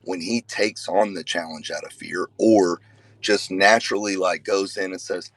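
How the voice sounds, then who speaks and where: A man, a father and youth wrestling coach, talking casually to a group, telling stories earnestly with sudden emphatic loud bursts and conversational fillers. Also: deep voice, steady tone, normal speed, dry recording, rough recording.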